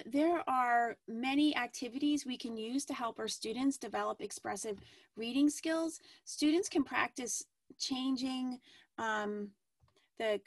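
Higher-voiced woman teacher presenting a webinar. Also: dry recording. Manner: measured, with frequent ums and restarts.

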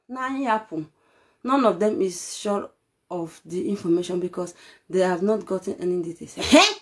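Excitable high-voiced Nigerian woman. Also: normal speed. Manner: excitable and pleading with viewers. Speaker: vlogger. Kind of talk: casual gossip vlog.

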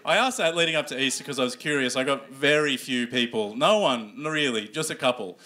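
A man hosting a stand-up comedy show, animated and swearing as he acts out characters. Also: medium pitch, a little fast. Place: comedy club stage before a live audience. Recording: live room with audience noise.

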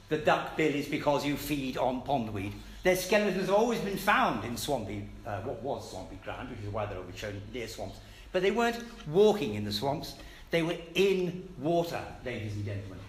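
British guy lecturing, scoffing, voice jumping all over, echoey hall w/ faint room hum. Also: on the high side. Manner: emphatic, scornful, addresses the audience. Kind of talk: public lecture.

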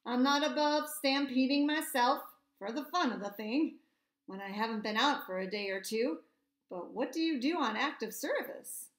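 A woman's voice: sits high, expressive, normal speed, reverberant. A woman voicing a seasoned old male army mule who talks in a dry, scolding, know-it-all way. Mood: teasing.

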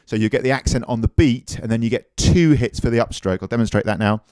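A man's voice: mid-range voice, fast talker, a little mellow, clean tone, dry recording. A man giving a drum lesson, explaining technique and counting beats aloud. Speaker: drum teacher. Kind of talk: instructional demonstration.

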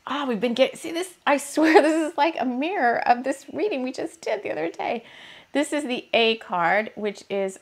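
A woman giving a rambling, casual spiritual card reading, her throat a bit hoarse and scratchy, laughing often. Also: high voice, animated, moderate pace. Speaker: tarot card reader.

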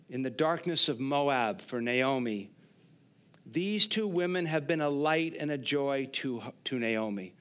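Standing in the church sanctuary, a pastor with a mid-range, fairly bright voice delivers an animated, slightly slow sermon. He works through scripture expository-style, addressing the congregation directly with questions.

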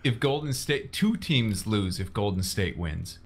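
A man's voice: lowish voice, expressive, a little slow. A man chatting with a friend on a gaming stream, dry and teasing. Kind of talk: casual chat over voice call.

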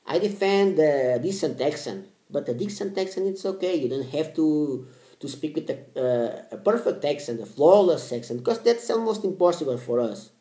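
A man in his late twenties talks straight to camera as a language vlogger, blunt and repetitive, with casual swearing. His voice sits a little high for a man yet sounds mellow and warm. The recording has a noticeable echo from the room. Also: lively intonation, moderate pace. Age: 20s. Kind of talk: casual motivational talk to camera.

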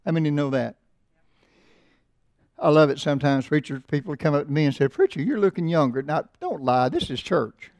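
A middle-aged man preaching a sermon in church, swelling loud and slow on scripture and dropping low for asides. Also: animated, no room sound, clean studio sound. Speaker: pastor. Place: church sanctuary.

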